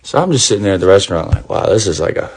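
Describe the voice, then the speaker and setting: A man's voice: sits low, sing-song, rapid-fire. A man in his twenties with a Boston accent, chatting through a story and acting out the people in it. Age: 20s. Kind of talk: casual storytelling.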